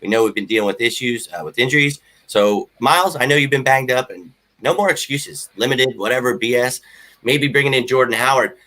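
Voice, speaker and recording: Bright excitable sports co-host. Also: male voice, mid-range voice, a little fast. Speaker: podcast co-host. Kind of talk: casual sports chat.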